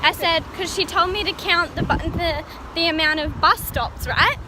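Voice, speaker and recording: A young woman vlogs while walking city streets, telling a story in a rambling, giggly way. Her voice sits high. Traffic and street noise stay loud behind her. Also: moderate pace. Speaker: vlogger. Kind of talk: casual vlog chat. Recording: noisy street recording.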